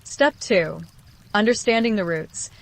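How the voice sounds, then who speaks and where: A woman hosting a relationship psychology video, giving scripted self-help narration in a calm, earnest voice that speaks straight to the listener. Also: medium pitch, measured pace, gravelly.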